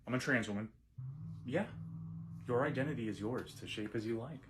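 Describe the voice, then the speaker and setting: Deadpan man in a comedy skit. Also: medium pitch, fairly quick, long pauses, a little hiss or hum. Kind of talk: comedic skit with two characters.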